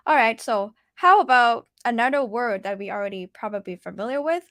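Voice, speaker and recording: A woman teaching Thai in a casual online lesson, patiently repeating words slowly for learners and laughing often. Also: on the high side, lively intonation, fairly bright tone, dry recording, studio quality.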